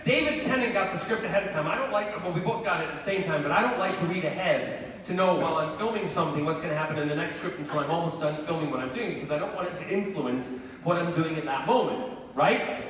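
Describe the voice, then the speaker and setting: Convention guest, male, theatrical storyteller, slightly high voice, echoing hall. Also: fast talker, fairly bright tone, a little hiss or hum. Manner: playful, theatrical, acts out the people in his stories. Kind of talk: animated storytelling to a live audience. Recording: echoey hall, mic heard from far off.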